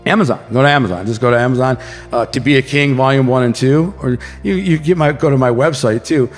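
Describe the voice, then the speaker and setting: A man's voice: mid-range voice, quick pace, long reverb tail, soft background music. A man telling his life story as an interview guest, loose and slangy, with lots of restarts. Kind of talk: casual storytelling.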